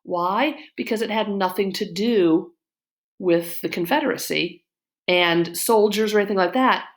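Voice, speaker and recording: A woman's voice: mid-range voice, unhurried. A middle-aged woman from Illinois, a history teacher, giving a casual, opinionated lecture-style commentary with frequent ums and you-knows. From Illinois, USA.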